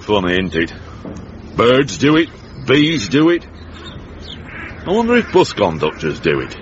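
An actor playing a grumpy, beer-loving old uncle with a Northern English accent in a radio comedy drama, wry and mock-pompous. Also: male voice, lowish voice, wildly swooping pitch, slow pace, a little hiss or hum, heavily acted. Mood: reminiscing. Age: older. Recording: muffled old radio broadcast.

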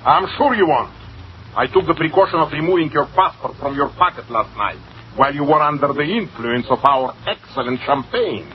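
A man plays a sly, fawning cashier in an old radio play, oily and insinuating. His fairly high voice bounces lively up and down. The recording is dull and lo-fi, with a faint hiss. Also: a little fast, natural voice. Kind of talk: old-time radio drama acting.

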